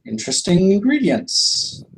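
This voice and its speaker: A man putting on a prim monocled shopkeeper, high and polite. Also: lively intonation, a little slow, vocal fry, exaggerated voice, poor audio. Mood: intrigued. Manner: courteous, hesitant, formal.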